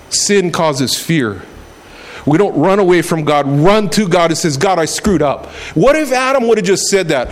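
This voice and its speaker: A man's voice: on the high side, expressive, moderate pace. A middle-aged man preaching a sermon in a conversational way, acting out quotes as he goes. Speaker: pastor.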